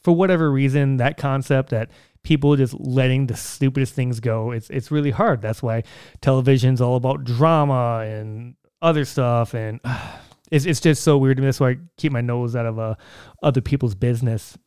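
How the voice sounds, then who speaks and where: A young man musing aloud on his podcast in a loose, meandering way, full of "uh" and restarts. His voice is smooth and resonant, and it sits dry and close to the mic. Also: mid-range voice, moderate pace, a little mellow, dry recording. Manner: rambling, conversational, many fillers and restarts. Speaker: podcast host. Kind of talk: casual solo podcast monologue.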